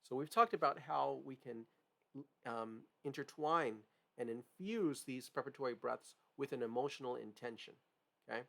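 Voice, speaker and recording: Gravelly male music teacher explaining. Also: mid-range voice, normal speed, fairly bright tone. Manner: explanatory, frequent "right?" and "okay?" check-ins. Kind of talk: piano lesson demonstration.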